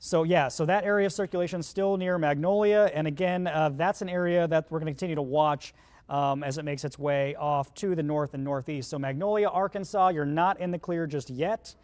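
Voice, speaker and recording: During a live weather broadcast, a chief meteorologist battles the hiccups while walking the audience through storm radar, sounding conversational and urgent. He speaks briskly in a darkish, high-leaning voice with fairly even intonation.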